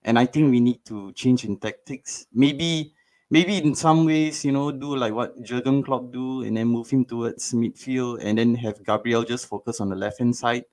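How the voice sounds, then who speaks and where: A man's voice: medium pitch, normal speed, darkish tone. A male caller lays out his points methodically. He hesitates often, filling the gaps with ums and repeated words. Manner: analytical, hesitant, many filler ums. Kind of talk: phone-in analysis.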